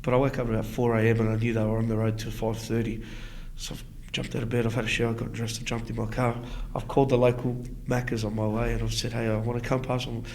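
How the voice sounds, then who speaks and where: An Australian man tells a funny story as a podcast guest, lively and laughing at his own punchlines. His voice sits in a middle pitch, with a faint noise in the background. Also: quick pace. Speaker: guest, general manager. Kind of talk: casual interview chat.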